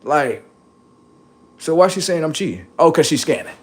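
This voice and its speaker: A man's voice: on the high side, animated, normal speed, husky. A man on a livestream, talking in a rambling, profane, boastful monologue, often laughing and acting out quoted voices. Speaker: livestream host.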